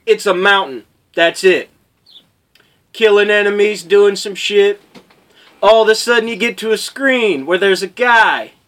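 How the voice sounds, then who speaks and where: A man telling a crude, exasperated gaming story in casual chat, bursting into shouts. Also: high voice. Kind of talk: casual profane gaming rant.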